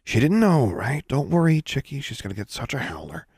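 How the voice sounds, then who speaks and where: A man's voice: mid-range voice, big pitch swings, brisk, darkish tone, husky, dry recording, clean studio sound, voice pushed up. A man voicing a bossy teenage wizard boy in an audiobook reading, teasing and tagging his lines with "right?".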